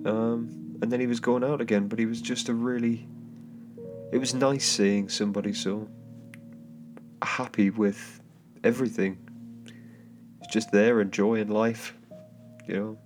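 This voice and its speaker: A low-ish, steady-toned Englishman speaks a little slowly as he hosts a solo podcast. He recounts a travel story in a loose, casual manner, with frequent fillers, restarts and chuckled asides, over soft guitar bedding on a home-microphone recording.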